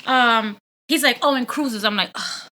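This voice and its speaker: Young New woman, bright higher voice, animated storyteller, casual podcast chat. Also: moderate pace, slight background noise. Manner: animated storytelling, frequent "like", swearing, laughing. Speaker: podcast guest.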